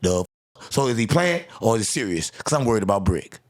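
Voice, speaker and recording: A man hosting a podcast, teasing his co-host loudly and shouting at times. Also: lowish voice, very animated, fast. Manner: loud, teasing, swings to shouting. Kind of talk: casual podcast banter.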